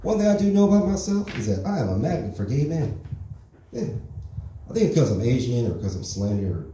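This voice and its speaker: Brash Texan man, crude stand-up, lively pitch, dark voice, echoey club from far off. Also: brisk, a little hiss or hum. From Texas. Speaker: stand-up comedian. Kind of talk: stand-up set. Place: comedy club stage.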